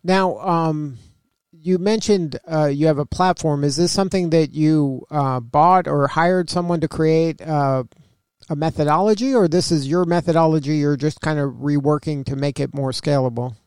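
Gravelly, smooth-toned male interviewer. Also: fairly high pitch, normal speed, a little mellow, dry recording, clean studio sound. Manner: loose, hedging questions with fillers. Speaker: interview host. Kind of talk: casual interview questions.

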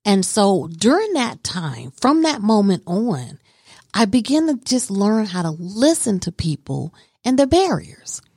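A woman's voice: mid-range voice, big pitch swings, unhurried, darkish tone, slightly rough, no echo, studio quality. A woman telling her life story in an interview, earnest and emphatic. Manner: earnest and emphatic, talks with conviction. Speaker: guest.

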